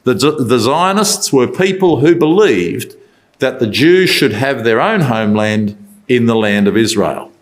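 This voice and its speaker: A man's voice: medium pitch, animated, measured pace. A man giving a Bible talk in a conversational way, asking rhetorical questions as he tells the story. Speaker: Bible speaker.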